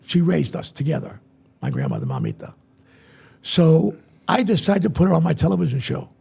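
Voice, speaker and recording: Gravelly older man, lively raconteur. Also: fairly quick. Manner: acts out quoted voices with big pitch swings. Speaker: interview guest, veteran entertainer. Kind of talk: animated storytelling in an interview.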